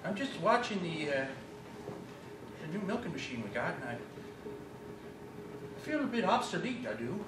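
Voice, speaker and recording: A man's voice: sits high, animated, moderate pace. Man playing a wistful old-time farmer. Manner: put-on rustic farmer drawl, wistful. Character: male dairy farmer Sven, nostalgic and obsessed with milking. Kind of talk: improv stage acting. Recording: roomy live stage from far off with audience noise.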